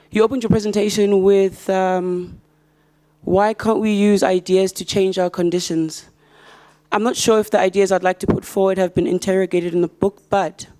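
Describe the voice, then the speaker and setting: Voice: medium pitch, warm tone. An audience member reading a prepared question at a book launch, earnest and hesitant, with frequent ums.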